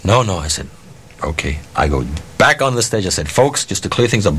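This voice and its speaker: A concert promoter tells a profane anecdote in an animated way, acting out the dialogue. His voice is lowish and husky, and he talks briskly.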